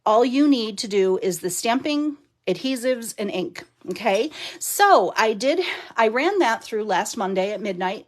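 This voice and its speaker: A woman's voice: fairly high pitch, animated, measured pace. A woman hosting a casual craft live stream, chatty and easily sidetracked, laughing often. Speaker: stamping and card-making demonstrator. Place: home craft room.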